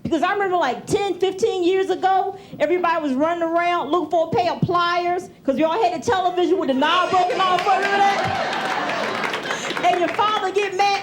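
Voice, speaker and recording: A woman doing a stand-up set on a TV club stage, animated and conversational, acting out family members. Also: very high voice, a little fast, a loud crowd, very noisy. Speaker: stand-up comedian. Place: comedy club stage with audience. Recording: 1990s TV club recording. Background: audience laughter.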